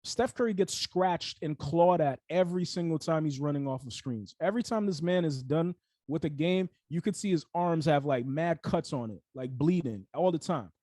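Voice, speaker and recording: A young man with a slightly high voice, recorded close and dry, talks sports in a casual, heated way. He rants with plenty of fillers and restarts. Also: normal speed, dry recording. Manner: animated, heated ranting with lots of fillers. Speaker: sports podcast co-host.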